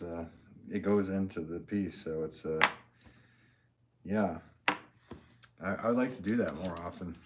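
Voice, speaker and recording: A man's voice: low voice, very noisy. A man, a potter, chatting casually to viewers on a live stream from his studio, rambling with lots of fillers and laughs.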